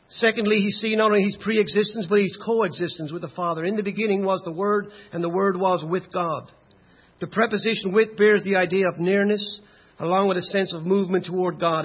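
A man preaching a sermon, building to loud emphatic peaks and then dropping low and quiet. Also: slightly rough. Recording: dull lo-fi sound.

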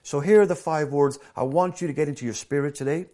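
A man preaching a sermon. He drops to hushed, slow scripture reading and then builds to loud, lively storytelling. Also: fairly high pitch. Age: adult, former professional soccer player.

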